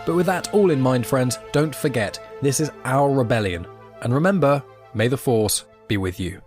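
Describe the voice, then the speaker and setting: A man hosting a podcast, talking casually and relaxed, often hesitating and restarting. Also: mid-range voice, moderate pace, faint music behind. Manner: relaxed, hesitant, lots of fillers. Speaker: podcast host. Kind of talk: casual chat.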